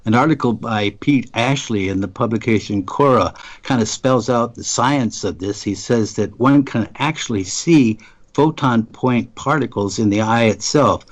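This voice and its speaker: A man co-hosting a radio talk show, halting with restarts, then reading out science notes. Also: mid-range voice.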